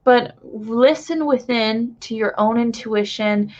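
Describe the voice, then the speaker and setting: A young woman with a stuffy nose from crying, gently and reassuringly relaying a channeled spiritual message to viewers, rambling a little with fillers. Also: fairly high pitch, slow. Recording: dull lo-fi home recording.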